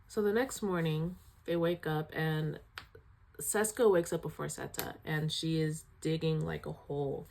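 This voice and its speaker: Female film reviewer, casual and animated, emotional with frequent sighs. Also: low-pitched, normal speed, vocal fry, slight background noise. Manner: emotional, sighing, animated retelling.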